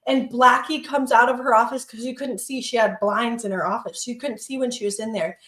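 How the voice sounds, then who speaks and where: An animated woman co-hosting a podcast, her voice sitting a little high. She tells a personal story in casual chat, acts out what people said and swears freely. The room around her echoes. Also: brisk. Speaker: podcast co-host.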